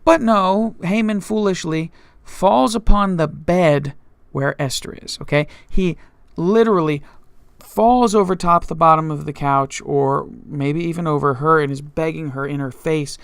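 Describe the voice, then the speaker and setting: A man's voice: fairly high pitch, gravelly, clean tone, no echo. A male pastor teaching a Bible study, retelling scripture in his own words, with frequent restarts and fillers.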